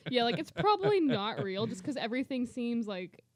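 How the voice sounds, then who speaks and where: A young woman co-hosting a podcast in casual chat, animated and enthusiastic, giggling often. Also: on the high side, fairly quick, slight background noise. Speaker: podcast co-host.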